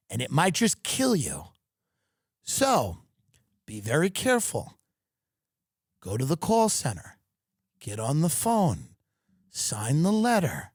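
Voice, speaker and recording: A man's voice: a little high, slightly rough, no room sound, studio quality. A man hosting a podcast, delivering a sarcastic comedic rant. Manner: sarcastic, ranting. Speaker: podcast host.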